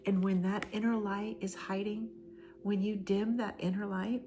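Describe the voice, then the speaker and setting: A woman giving a channeled oracle card reading, speaking in slow, emphatic, repeated phrases that often sink into soft, breathy near-whispers. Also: mid-range voice, flat delivery, soft background music. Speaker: spiritual oracle card reader.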